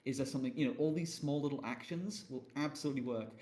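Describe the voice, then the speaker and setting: A man chatting on a video call, mid-pitched and lively. He tells stories about his own blunders with quick bursts of energy and a self-mocking edge. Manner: animated, self-deprecating storytelling with swearing. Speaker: panelist on a roleplay Q&A stream. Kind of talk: casual chat.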